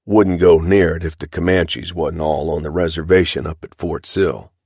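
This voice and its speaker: A man reading the part of a surly middle-aged cattle rustler, sullen and evasive, in a rough frontier drawl. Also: sits low, steady tone, normal speed, darkish tone, no echo, studio quality.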